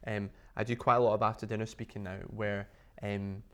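Low-voiced man telling a story. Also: a little fast. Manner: animated, chatty, many fillers and restarts. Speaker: interview guest, business founder. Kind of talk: casual storytelling.

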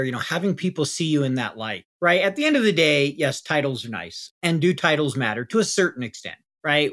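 A man's voice: medium pitch, a bit bright. A man hosting an interview podcast, affirming his guest and thinking aloud in a conversational way. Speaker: podcast host.

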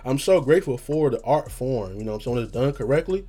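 A man's voice: medium pitch, lively intonation, quick pace, mellow. A young man hosting a podcast in casual chat, rambling in slang, swearing freely and trailing off as he hunts for words. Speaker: podcast host.

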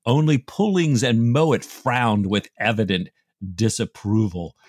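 A man co-hosts a book podcast, retelling scenes with amused, chatty asides. His voice is husky. The recording is dry and close. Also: fairly low pitch, a little slow, darkish tone, no echo. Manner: chatty, amused, says "you know" often. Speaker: podcast co-host.

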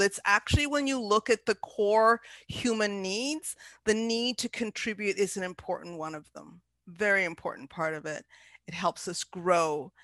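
A woman's voice: mid-range voice, a bit bright, no room sound. A woman speaking earnestly and from the heart as a podcast guest, with some fillers and restarts. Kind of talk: inspirational podcast talk.

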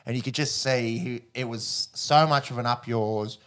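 Australian bloke, mid-pitched, blunt, slangy sports co-host. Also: male voice, steady tone, normal speed, a bit bright. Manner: chatty, blunt, lots of slang and fillers. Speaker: podcast co-host. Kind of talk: casual sports chat.

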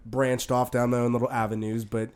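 Fast-talking man in casual chat. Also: medium pitch, flat delivery, darkish tone, smooth. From New Orleans. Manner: fast, filler-heavy storytelling. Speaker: podcast co-host.

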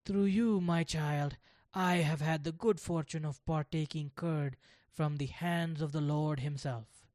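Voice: medium pitch, steady tone, measured pace, a little mellow, no room sound, close to an everyday voice. A storyteller voicing a firm, questioning schoolteacher in a children's storybook. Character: schoolteacher, stern then humbled.

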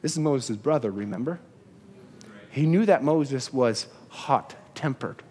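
A man preaching a sermon in a church, animated, acting out the people in the story as he goes. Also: mid-range voice, measured pace, slightly rough, in a large hall. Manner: animated preaching, voices biblical figures in asides. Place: church sanctuary.

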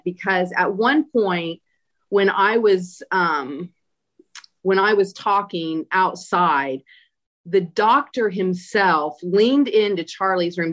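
A woman being interviewed emphatically retells a personal experience, using many fillers. Her voice is mid-range with a fairly bright tone.

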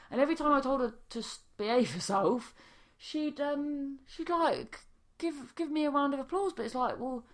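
A young woman, a stand-up comedian, telling a rambling casual story with swearing and many restarts. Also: medium pitch.

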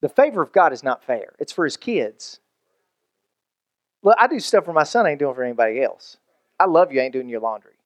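A pastor preaching with easy humor, his voice sitting a bit higher than most men's. He jumps between chatty asides and acted-out quotes. The sound is dry and close, with no room echo. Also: fairly quick. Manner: animated, conversational preaching with jokes and acted-out quotes. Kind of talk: sermon.

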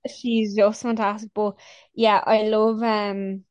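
A woman's voice: medium pitch, little pitch movement, slow pace, darkish tone, dry recording. A woman co-hosting a podcast, chatting casually and gushing, rambling with lots of fillers. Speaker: podcast co-host. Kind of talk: casual chat.

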